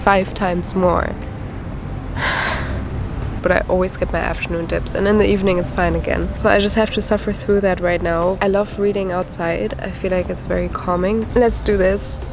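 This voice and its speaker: A woman's voice: mid-range voice, little pitch movement, fairly quick, hardly any pauses, over music, poor audio. A young woman vlogging her reading day in a chatty, gushing way, tired and a little sleepy. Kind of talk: casual reading vlog.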